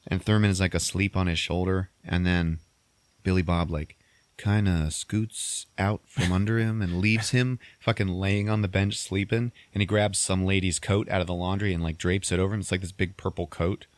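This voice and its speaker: Laughing, swearing podcast host. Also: male voice, deep voice, steady tone, moderate pace, no echo. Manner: rambling, laughs often, swears casually. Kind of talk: casual comedic movie recap.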